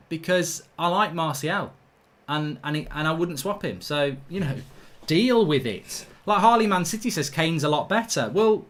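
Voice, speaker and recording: A man, hosting a live football watchalong, reading viewer chat and arguing back in an animated, ranting way. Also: a little high. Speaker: livestream host.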